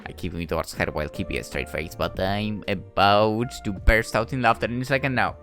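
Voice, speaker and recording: A man narrating a first-person story in an expressive, conversational reading style. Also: lowish voice, brisk, soft background music.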